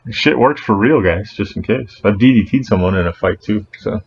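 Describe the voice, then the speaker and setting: A man's voice: on the low side, moderate pace, breathy edge, dull audio. A man co-hosting a podcast, bluntly telling a profane story in casual chat. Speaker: podcast co-host.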